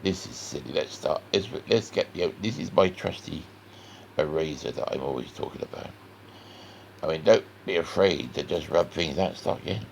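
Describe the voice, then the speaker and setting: A man with a West Country accent talks through a drawing lesson in a deep, heavily gravelly voice. He rambles in a folksy way and speaks straight to the viewer. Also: lively intonation, normal speed, slight background noise. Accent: West Country English. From West Country of England. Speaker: cartoon artist. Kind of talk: chatty drawing tutorial.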